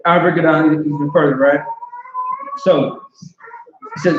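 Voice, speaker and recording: A man's voice: fairly high pitch, steady tone, measured pace, pauses often, slight background noise. A man teaching an informal scripture class, talking conversationally and often asking "you know what I'm saying". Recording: roomy, dull lo-fi.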